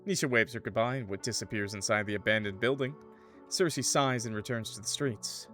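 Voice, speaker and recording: A man streaming a visual novel, reading its narration and reacting excitably in casual commentary, swearing and laughing loudly. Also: fairly low pitch, brisk, soft background music.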